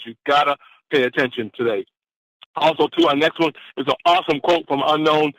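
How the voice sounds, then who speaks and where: A man on a conference call giving an energetic, exclamatory motivational talk that keeps repeating its key phrase. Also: mid-range voice, no room sound. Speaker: caller. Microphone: phone. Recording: dull dry phone line.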